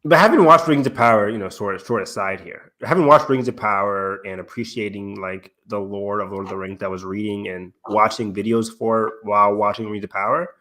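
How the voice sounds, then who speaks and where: A man's voice: fairly low pitch, fairly even intonation, brisk, few pauses, sharp tone. A man hosting a casual fan podcast, rambling with lots of fillers, laughing often and swearing casually. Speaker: podcast host.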